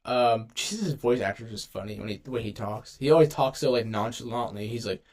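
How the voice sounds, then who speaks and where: A man's voice: mid-range voice, fairly quick, a little mellow. A young man casually ranking game characters in a rambling, slangy commentary, often cutting himself off. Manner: rambling, slangy, self-interrupting. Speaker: gaming video creator. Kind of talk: casual tier-list commentary.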